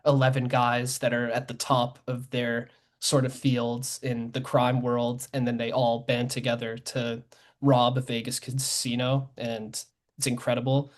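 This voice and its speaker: A young man co-hosts a podcast and chats about movies in a loose, rambling way. He circles back, trips over his words and fills pauses. His voice sits at an ordinary middle pitch. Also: completely flat delivery. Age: young adult. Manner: rambling, lots of fillers and self-corrections, laughs easily. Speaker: podcast co-host. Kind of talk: casual film chat.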